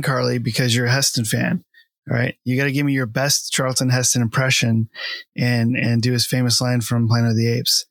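A man's voice: medium pitch, no room sound. A man hosting a casual film podcast, easygoing and jokey, laughing often. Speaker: podcast host.

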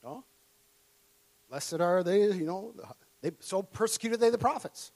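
Speaking at a moderate pace, a fairly high-voiced preacher from Minnesota shapes his sermon around a personal story, often laughing and playing his younger self in an excited tone.

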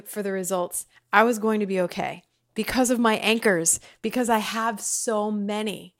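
Woman vlogger, casual heartfelt reflection to camera at home, rambly and sincere. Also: mid-range voice. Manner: warm, chatty, rambling with fillers. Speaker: vlogger sharing personal reflections. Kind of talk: casual heartfelt talk to viewers. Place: home, kitchen or dining table.

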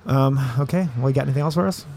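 A man's voice: medium pitch, rapid-fire, vocal fry, a little mellow, a little hiss or hum. A man hosting a podcast at a tournament, joking, swearing and laughing often. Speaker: podcast host. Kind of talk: casual interview chat. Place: tournament venue table.

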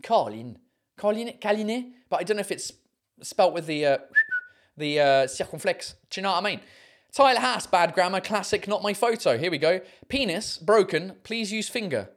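Reading listener messages on their own show, this podcast host is expressive and chatty, often laughing in high bursts and swearing casually. They take French and German words slowly, sounding them out.

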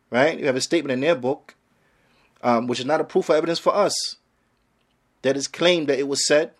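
A man with a slightly high voice gives a religious lecture as an Islamic teacher. His phrasing is emphatic yet casual, and he fires off rhetorical questions.

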